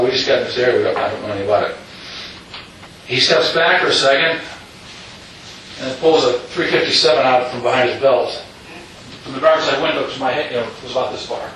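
A middle-aged man tells his own story to an audience in a rambling way, full of asides and restarts. His tone is bright and forceful. He is caught from a distance in a strongly echoing hall with a faint hiss underneath. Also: mid-range voice. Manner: rambling, with frequent "you know" asides and restarts. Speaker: speaker telling his story. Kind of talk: personal story told to an audience. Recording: echoey hall, distant mic.

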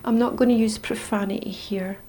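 A middle-aged woman with a Scottish accent tells a personal story. Her delivery is halting and intense, dropping to near-whispers and then rising again. A faint hiss of background noise sits under her voice. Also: mid-range voice, fairly even intonation. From Scotland. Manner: intense, halting storytelling that swings between hushed and raised. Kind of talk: personal testimony.

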